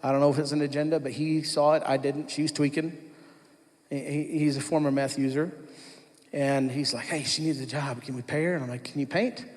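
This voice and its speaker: Recorded with the long reverb of a large church hall, a man who sounds to be in his thirties shares his personal testimony. His voice is on the high side, steady, and brisk, and he tells it conversationally as a story, with restarts and asides.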